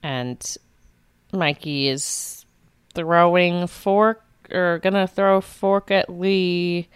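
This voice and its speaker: Young woman cohost, slow steady recap, super smooth voice. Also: fairly low pitch, no echo, clean studio sound. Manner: steady, narrating events in order. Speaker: podcast co-host. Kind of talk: casual chat, recapping.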